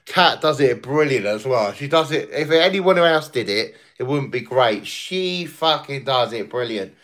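A man's voice: medium pitch, lively intonation, measured pace, a bit bright. A man hosting a casual livestream, crude, swearing and boisterous. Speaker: livestream host.

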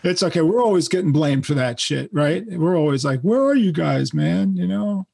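A man's voice: a little high, lively intonation, moderate pace, gravelly, a little mellow, slightly rough, no room sound. A man in his sixties with a New York accent, a guest musician telling brash, profane stories in a casual interview. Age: 60s.

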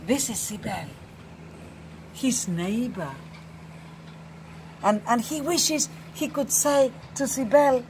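A woman reading a picture book aloud to children, slow and expressive, dropping to a hushed, tender tone in the quiet passages. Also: on the high side, a little hiss or hum. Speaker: storyteller. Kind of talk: children's story read-aloud.

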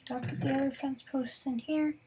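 A woman's voice: high-pitched, fairly even intonation, brisk, heavy background noise. A young woman casually talking viewers through a Minecraft game, chatty and often dropping into a whisper. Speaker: gaming YouTuber. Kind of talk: casual Minecraft let's-play commentary.

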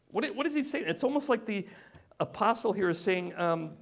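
A man delivering a sermon in a church, his voice sitting a little higher than most men's. He preaches in a loose, conversational way, pausing on fillers and turning to the congregation with rhetorical questions. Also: lively intonation, creaky. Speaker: pastor. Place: church sanctuary.

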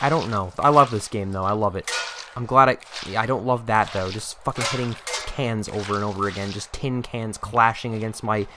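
Against a noisy background, the medium-pitched gaming host delivers jokey, profane play-by-play, exasperatedly telling off the character he controls.

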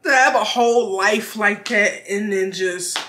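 A woman's voice: medium pitch, unhurried, bright, forceful tone, faint music behind. A woman reacting to a film, crying and laughing at once, talking in emotional, slangy casual commentary. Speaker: reaction video host.

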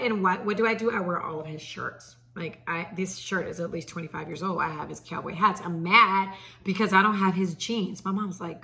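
Female entertainment news host, sassy and chatty, bright forceful tone. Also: lowish voice, brisk, gravelly. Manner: sassy, chatty, talks straight to viewers. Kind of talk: celebrity gossip commentary.

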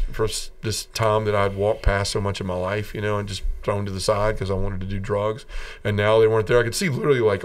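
Heard from far off the mic, a middle-aged man from the American South speaks in a low, clean voice as a podcast interviewee. He earnestly relates how he converted, imitating the people in the story and laughing between lines.

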